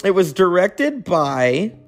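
A man's voice: high voice, very animated, slow pace, soft background music. A man hosting a casual, rambling, enthusiastic chat about classic films. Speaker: host.

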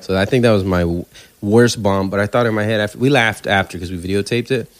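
Deep-voiced man telling comedy stories. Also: fast. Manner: animated storyteller, swears freely, acts out quoted voices. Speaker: stand-up comedian guest. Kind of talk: casual podcast storytelling.

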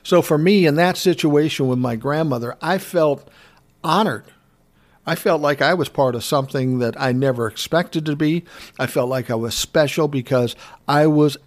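A man in his sixties talks alone into a podcast mic, candid and reflective. His voice sits at an ordinary middle pitch, and his telling is loose and unscripted. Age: 60s. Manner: reflective, candid, conversational storytelling. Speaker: podcast host. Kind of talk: solo podcast monologue.

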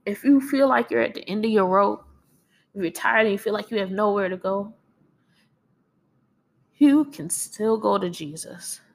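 A woman's voice: medium pitch, moderate pace, vocal fry, long pauses. A woman giving an earnest, encouraging devotional talk while tearful and crying a little. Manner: earnest and encouraging, with soft laughs. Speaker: speaker sharing faith.

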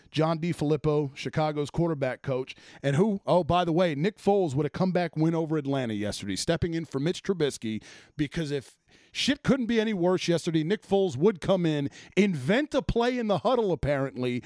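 A man's voice: fairly high pitch, darkish tone, dry recording, clean studio sound. A man hosting a sports podcast, ranting casually with plenty of swearing and exasperated asides. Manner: profane, exasperated, rambling.

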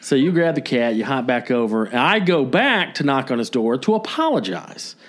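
With a mid-range voice and moderate pace, this podcast co-host spins a lengthy tale during casual chat on a comedy show. He's an animated storyteller who performs the quotes of each person in the story.

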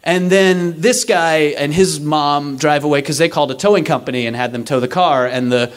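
A young man telling a story to a live audience, animated and self-mocking, acting out the people he quotes. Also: fairly high pitch, normal speed.

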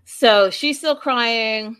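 A woman vlogger chatting casually and recapping a show in an animated, gossipy way. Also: on the high side, clear, resonant tone. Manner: animated, gossipy, speeding up and slowing down. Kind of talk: casual chat.

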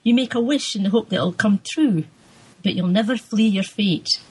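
A woman reading as a husky Scottish wise woman. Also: mid-range voice, moderate pace, lightly acted, rough recording. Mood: knowing. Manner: homely, scolding, sure of fate.

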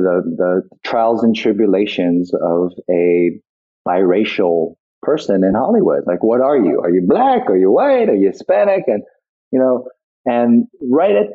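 A man being interviewed as a guest actor, telling stories reflectively with many restarts, over a tinny phone-like line. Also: deep voice. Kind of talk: interview conversation.

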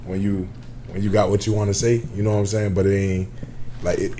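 A man's voice: deep voice, flat delivery, a little fast, dark tone, a little hiss or hum. A man appearing as a rapper guest on a podcast, rambling earnestly about his craft. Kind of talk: casual group podcast chat.

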